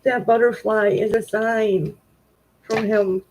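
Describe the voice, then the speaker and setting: A woman's voice: on the high side, steady tone, slow, background noise. A woman tarot reader on a live stream, talking straight to her viewers and tearful with grief. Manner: emotional, talks directly to viewers. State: tearful, grieving.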